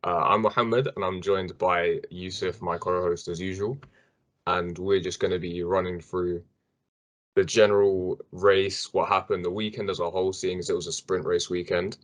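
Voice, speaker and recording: A man's voice: low voice, little pitch movement, moderate pace. A young man hosting a casual sports podcast, chatty and rambling, with fillers and restarts. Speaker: podcast host.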